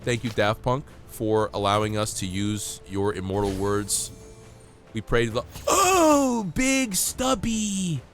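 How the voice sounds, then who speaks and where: A man streaming a game while sick with a cold, chatting in a playful, excitable way and coughing now and then. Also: on the low side, moderate pace, faint music behind. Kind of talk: casual live-stream gameplay chat.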